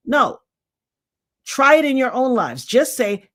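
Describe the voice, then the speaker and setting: Blunt preachy woman, higher voice. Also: sing-song, slow, long pauses, a bit bright. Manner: blunt, preachy, emphatic, addresses viewers directly. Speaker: vlogger. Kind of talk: casual commentary monologue.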